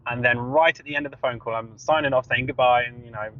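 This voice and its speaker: A man co-hosting a podcast in casual chat, telling stories in an animated way and laughing often, recorded inside a car. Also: mid-range voice, quick pace. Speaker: podcast co-host. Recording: dull lo-fi recording.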